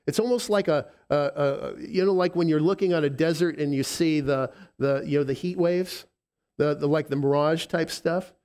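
A male pastor with a lisp preaches in a fairly high voice. He is heartfelt and halting, often restarting his sentences. He drops to soft, tender passages and then rises into firm declarations. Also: clean tone. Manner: emotional, halting with repeated restarts, swinging from soft to emphatic. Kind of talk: sermon.

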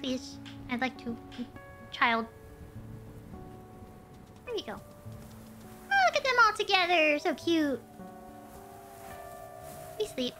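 A woman's voice: high-pitched, very animated, slow, pauses often, pushed and bright, soft background music. A woman streamer chatting animatedly while playing a game, telling stories as she goes. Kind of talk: casual gameplay chat.

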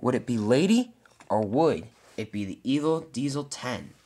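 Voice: medium pitch, animated, moderate pace, dark tone. A storyteller narrating a homemade toy-train adventure, with frequent slips and restarts.

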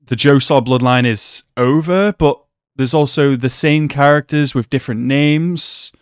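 A young man hosting an anime reaction video, swinging between excited outbursts and quiet, reflective musing. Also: medium pitch, unhurried, clear, resonant tone, no echo, clean studio sound. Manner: excitable, gasping and shouting, then reflective and subdued.

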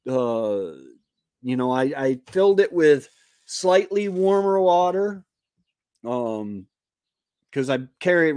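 Man, homestead streamer, slow and halting, mid-pitched, dry close sound. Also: a little mellow, dry recording. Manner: halting, many fillers and restarts, self-deprecating. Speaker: homesteading livestream host. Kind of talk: casual rambling chat.

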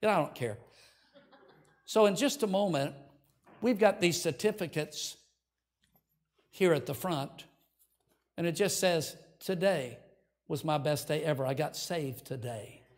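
A man's voice: fairly high pitch, measured pace, pauses often. Older male pastor giving an altar call. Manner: earnest, leads prayer, coaxing invitation. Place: church sanctuary.

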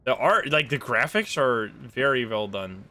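A man streaming a horror game live, reacting jumpily with excitable, swearing commentary. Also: mid-range voice, measured pace.

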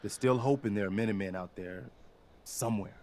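An actor playing an earnest, dutiful male militia leader in a video game, speaking in a steady, sincere way. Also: lowish voice, brisk, lightly acted. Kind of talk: game character dialogue.

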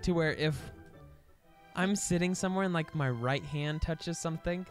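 A woman's voice: sits low, moderate pace. A young woman co-hosting a video game let's play, chatting casually and playfully and often giggling. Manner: playful, giggly, reads game text aloud. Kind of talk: casual gaming chat. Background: game music.

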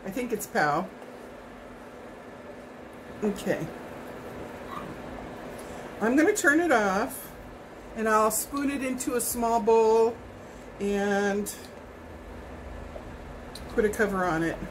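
Slow, chatty woman cooking at home. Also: on the high side, expressive, noisy background. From Hawaii. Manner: rambling, chatty, tastes and snacks while talking. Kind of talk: casual cooking chat. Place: home kitchen.

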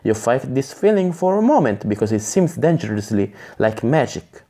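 A man reading an English gamebook on a live stream, in a halting way with chatty asides and self-corrections. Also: medium pitch, big pitch swings, warm tone. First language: Italian.

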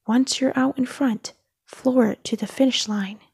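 Caring female car calling urgent advice, gravelly and slow, woman reader. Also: on the high side, steady tone, darkish tone, exaggerated voice. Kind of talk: storybook read-aloud.

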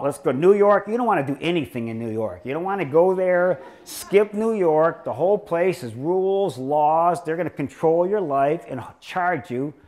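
Sarcastic older man telling stories. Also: on the high side. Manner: sarcastic, joking, rambling. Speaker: chiropractor lecturer. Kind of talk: humorous lecture storytelling.

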